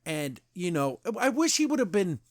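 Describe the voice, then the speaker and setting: A man's voice: sits high, sing-song, moderate pace, dry recording, clean studio sound. A man hosting a podcast, chatting casually and animatedly as he reviews an episode and retells its scenes. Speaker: podcast host.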